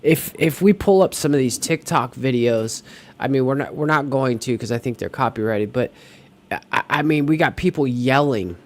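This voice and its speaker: A man's voice: mid-range voice, normal speed. A man co-hosting a casual podcast chat, rambling with lots of fillers and restarts. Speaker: podcast co-host.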